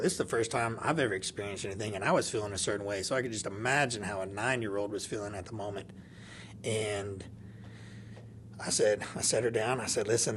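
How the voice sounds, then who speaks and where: A man's voice: lowish voice, a little hiss or hum. A man telling a personal story in casual chat, laughing often and acting out the dialogue of the people in it. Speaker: podcast guest.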